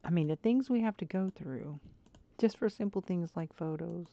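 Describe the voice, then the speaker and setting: A woman streaming a game and chatting to viewers, swinging between frustrated muttering and excited squeals. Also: on the low side, moderate pace, dry recording. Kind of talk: casual gameplay chat. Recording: dull lo-fi stream audio.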